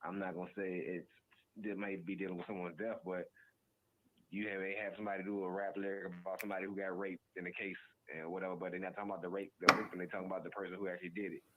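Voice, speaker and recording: A man's voice: low voice, flat delivery, racing. A man co-hosting a podcast, giving his plainspoken opinions in casual discussion. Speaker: podcast co-host. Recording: tinny phone-like playback.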